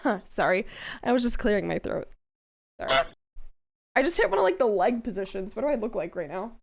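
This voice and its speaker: A woman's voice: medium pitch, animated, a little fast, vocal fry. A woman VTuber chatting casually on a live stream, crude and swearing freely, often breaking into squealing laughter. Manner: bursts into loud squealing laughter.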